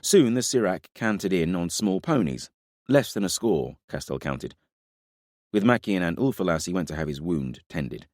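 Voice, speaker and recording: A man narrates a fantasy audiobook in a very low voice. His reading is measured and dramatic. The recording is dry and close, with no room sound. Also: sing-song, a little mellow, no echo.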